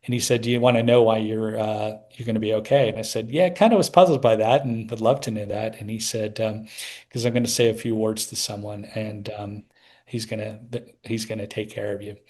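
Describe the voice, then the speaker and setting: A man's voice: on the low side, fairly even intonation, brisk, a little mellow. A middle-aged man telling a personal story as an interview guest, rambling with many restarts.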